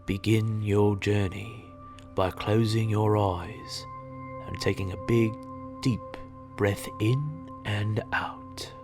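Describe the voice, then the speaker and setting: An actor playing a slow, soothing male meditation guide in a comedy sketch, with faint music underneath. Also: on the low side, fairly even intonation. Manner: slow, soothing, mock-serene.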